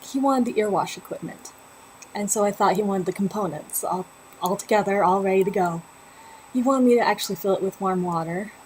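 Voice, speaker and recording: On a knitting livestream, a woman with a mid-range voice chats and laughs her way through a personal story as she knits. She's lively and talkative, breaking into laughter often. The recording is rough, with slight background noise.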